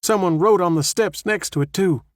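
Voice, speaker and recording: A woman's voice: fairly low pitch, normal speed, darkish tone, no room sound, clean studio sound, voice pushed up, close to an everyday voice. A man voicing a rattled small-town woman sheriff, who talks in a shaky, stammering way in an audiobook. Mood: shaken.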